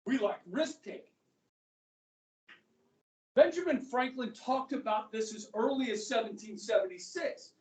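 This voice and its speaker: A man's voice: extremely high pitch, lively intonation, measured pace, long pauses, darkish tone. Male history teacher, casual joking lecture, rhetorical questions, far from the mic, roomy echo. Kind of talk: classroom lecture. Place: classroom. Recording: echoey classroom, speaker far from the mic.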